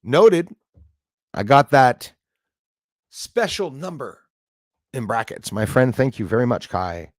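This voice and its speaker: A middle-aged man hosting a casual live stream, excitable, thanking viewers by name and swearing when angry. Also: mid-range voice, takes it slowly, pauses often, dry recording, studio quality.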